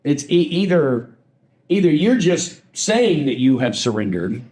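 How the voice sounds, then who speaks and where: A man's voice: on the high side, very animated, a little slow, darkish tone. Supportive male podcast host. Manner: supportive, frequent short affirmations. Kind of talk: casual interview chat.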